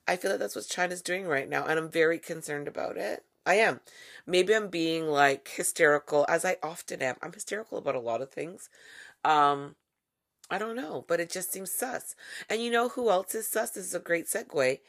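A woman's voice: lowish voice, normal speed. A woman hosting a podcast, talking in a casual, wry monologue with playful asides. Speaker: podcast host.

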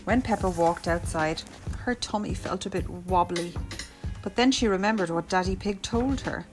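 A woman's voice: fairly low pitch, normal speed, music in the background. A woman reading a picture book aloud to a young child in a sing-song way.

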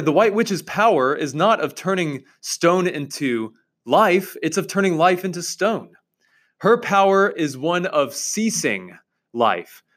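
Enthusiastic man teaching from a novel. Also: fairly high pitch. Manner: enthusiastic, emphatic. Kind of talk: reading aloud and teaching on a novel.

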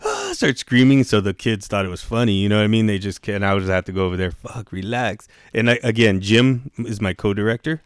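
A man's voice: on the low side, fast, few pauses, smooth, no echo. Profane storytelling man, dry close sound. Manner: profane, slangy, keeps saying bro; acts out quoted yelling in raised voice. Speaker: guest, youth camp director. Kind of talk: casual storytelling chat.

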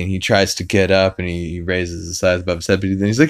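A man's voice: low voice, steady tone, brisk, hardly any pauses. A man hosting a podcast, recapping an episode casually and rambling with many fillers and restarts. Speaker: podcast host.

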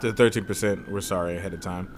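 A man hosting a casual podcast, giving hype-man intros and breaking into loud laughter. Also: low voice, steady tone, fast, a crowd in the background. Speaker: podcast host.

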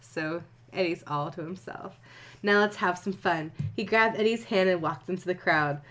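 A woman's voice: lowish voice, normal speed, fairly bright tone. A woman reading a comic fan story aloud, often stopping to joke and swear with a friend. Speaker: fan fiction reader. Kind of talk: casual comedic reading with banter.

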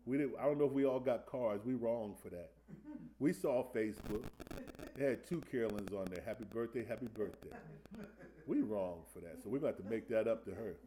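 A man preaching a Sunday school sermon in a conversational way, asking the room questions and slowing down to stress scripture. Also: on the low side, mellow.

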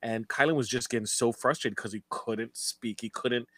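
A man's voice: mid-range voice, steady tone, normal speed, a bit bright, no room sound. A man co-hosting a casual podcast chat, talking loosely with many fillers and frequent laughs. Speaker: podcast co-host. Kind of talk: casual chat about a reality show.

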